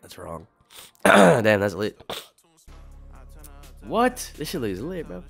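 A man's voice: mid-range voice, very animated, takes it slowly, creaky, a bit bright, faint music behind. A young man in his twenties chatting on a livestream, laid-back and swearing a lot as he reacts to chat. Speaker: streamer.

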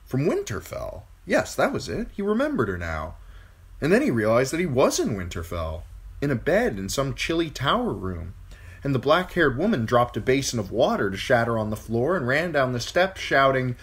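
Male amateur novel reader: low, husky voice, animated and dramatic storytelling. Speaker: hobby audiobook reader. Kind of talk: amateur fantasy novel reading.

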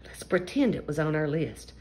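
A woman's voice: deep voice, very animated, moderate pace, dark tone. A woman doing a kind mother pig. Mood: gentle. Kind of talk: storybook read-aloud.

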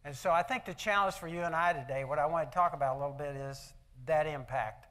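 An older man speaking at an event in a hall delivers a motivational talk packed with folksy personal anecdotes and rhetorical questions for the crowd. His pitch runs on the high side, his pace is quick, and his tone is fairly bright.

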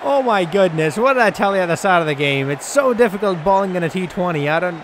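A man's voice: high voice, lively intonation, fast talker. A man giving casual, exasperated gameplay commentary, swearing and cracking jokes. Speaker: gaming YouTuber. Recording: loud game crowd and noise behind. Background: game crowd and ambience.

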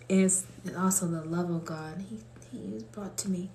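A woman's voice: fairly low pitch, steady tone, moderate pace, gravelly, hardly any pauses, dark tone, a little hiss or hum. A woman from Colorado hosting a livestream, praying and chatting off the cuff, laughing often and reading viewer comments aloud. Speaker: livestream host. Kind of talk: prayer and casual livestream chat. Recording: roomy echo.

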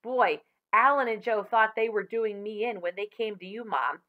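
A woman's voice: mid-range voice, moderate pace, narrow, tinny audio, natural voice. A woman reading aloud, voicing an eager young boy who likes his strange dinner. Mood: pleased.

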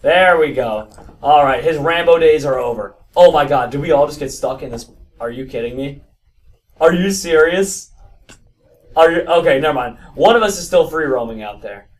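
Guy with a higher voice yelling and stammering over a game, kinda far from the mic. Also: normal speed. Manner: animated, stammering restarts, frequent exclamations. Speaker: gaming video host. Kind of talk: excited gameplay commentary.

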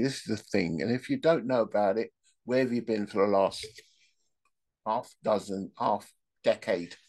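A man's voice: lowish voice, moderate pace, creaky, darkish tone. A man hosting a podcast, telling rambling, joking anecdotes in a casual monologue. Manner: rambling, joking storyteller who laughs at his own anecdotes. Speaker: podcast host.

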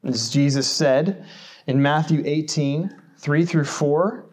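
A man's voice: on the high side, slow. A man from the United States preaching a sermon in a church, conversational and self-deprecating, often putting rhetorical questions to the congregation. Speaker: pastor.

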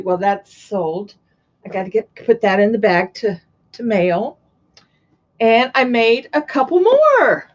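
A woman's voice: on the high side, dull audio. Chatty older woman showing off crafts. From Florida. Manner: gushing, chatty, exclaims over items. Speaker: crafting vlogger. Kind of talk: casual show-and-tell chat.

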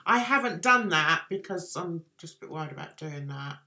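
Hosting a casual live stream, a woman chats with viewers in a rambling, self-deprecating manner and reads the chat aloud. She has a deep, expressive voice with a sharp tone at a moderate pace.

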